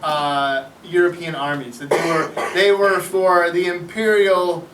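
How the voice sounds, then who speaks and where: A middle-aged male teacher giving a classroom history lecture, animated, often putting questions to his students. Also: a little high, unhurried, a little hiss or hum. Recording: echoey classroom from far off.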